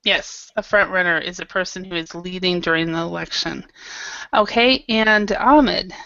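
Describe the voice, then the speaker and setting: Woman english teacher on a video call, crisp bright voice, dry lo-fi sound, slow careful pronunciation. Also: on the low side, no echo. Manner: patient, models pronunciation slowly. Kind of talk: online English class. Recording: dull lo-fi video call audio.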